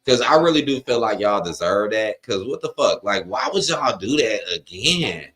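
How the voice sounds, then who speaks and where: Dude ranting live on stream, voice swings up and down a lot, cussing, reading chat. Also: male voice, fairly low pitch, sing-song, normal speed, fairly bright tone. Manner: frustrated, profane ranting, reads chat aloud. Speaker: wrestling watch-along streamer. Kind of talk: live-stream reaction rant.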